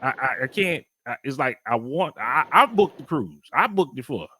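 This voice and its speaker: A married man co-hosting a casual podcast, talking in a rambling, halting way with many restarts. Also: mid-range voice, sing-song, sharp tone, slight background noise. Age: adult married man. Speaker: podcast co-host. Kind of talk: casual chat.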